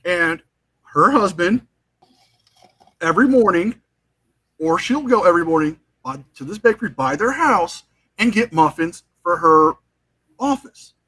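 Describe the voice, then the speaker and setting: A man hosts a casual live stream, telling stories with lively energy. His voice sits high and sounds husky. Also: unhurried, long pauses. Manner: animated storytelling, retelling trial moments. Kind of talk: casual chat.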